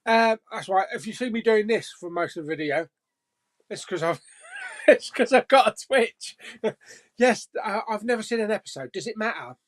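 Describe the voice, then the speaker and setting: A man's voice: high-pitched, lively intonation, a little fast. A man hosting a casual live chat stream and reading viewer comments, jokey, laughing often and swearing casually.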